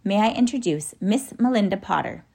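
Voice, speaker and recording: Woman doing a gentle old professor. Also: mid-range voice, a little fast, gravelly, slightly rough. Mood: kindly. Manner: gentle, coaxing, excitable. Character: kindly eccentric old male professor guide.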